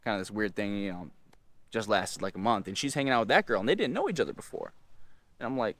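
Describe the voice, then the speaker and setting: A young man hosting tells a personal story casually, packed with fillers and slang, lurching from low mumbled asides to loud, excited outbursts. He speaks fast, and the recording is dry.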